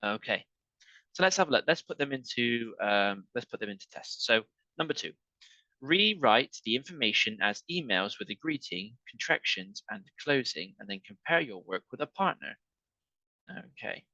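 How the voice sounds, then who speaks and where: Giving an English lesson online, this man speaks in a mid-range, sing-song voice with a sharp edge. He goes slowly and patiently through his examples, repeatedly checking in with "okay," on a lo-fi recording with no room sound.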